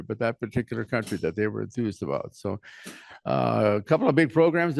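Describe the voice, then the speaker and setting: A man's voice: a little high, no echo. Rambling man chairing a meeting. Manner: rambling, with frequent restarts. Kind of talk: casual meeting talk.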